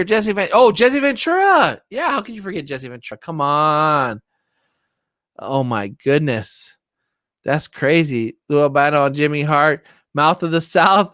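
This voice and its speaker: Excitable rambling middle-aged man. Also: a little high, no echo, studio quality. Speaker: livestream host. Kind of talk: casual livestream chat. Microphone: streaming setup, close mic.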